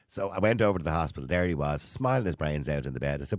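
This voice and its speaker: Brief: middle-aged Dublin radio host, very low voice, quick jokey patter, dry studio sound. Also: male voice, lively intonation, no room sound. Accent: Dublin Irish. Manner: jokey storyteller, laughs often. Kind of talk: casual radio chat.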